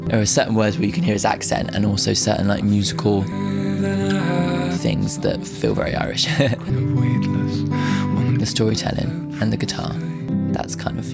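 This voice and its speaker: A man's voice: on the low side, normal speed, vocal fry. A man hosting a music reaction video, gushing and emotional as he unpacks lyrics in casual commentary. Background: faint music playing.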